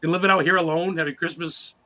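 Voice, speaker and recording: Fast, bright-voiced man in his forties. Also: a little high, fairly even intonation. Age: 40s. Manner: rambling, profane and emotional. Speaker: podcast guest. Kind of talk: casual interview storytelling.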